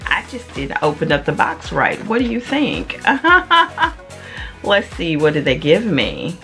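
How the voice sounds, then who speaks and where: A middle-aged woman talks her way through a subscription box, playful and chatty. Her voice sits low but swings up high when something delights her, and she takes her time, with soft music playing underneath. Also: huge pitch swings, takes it slowly. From Memphis, Tennessee area. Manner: chatty, playful, Southern-style "honey" and "y'all" asides. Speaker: vlogger. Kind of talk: casual unboxing vlog.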